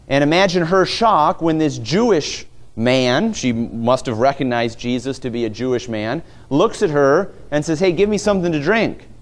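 A man's voice: on the high side, normal speed, few pauses. A male pastor preaching a sermon, retelling a story and acting out the voices of its people.

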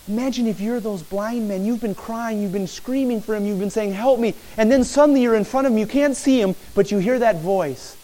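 A man's voice: sits high, fairly quick, few pauses, mellow, poor audio. A man preaching a sermon as pastor, earnest and repetitive, often addressing the listeners as friends.

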